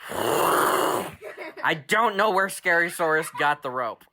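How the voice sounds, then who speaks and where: Man, bedtime storyteller, animated, sound effects, unhurried pauses, bright voice. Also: fairly high pitch, a little hiss or hum. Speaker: storyteller dad. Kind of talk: bedtime story told aloud to a child.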